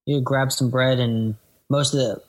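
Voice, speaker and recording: A man's voice: medium pitch, steady tone, unhurried. A man, a comedian guest, chatting casually and jokingly on a podcast. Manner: joking, offhand.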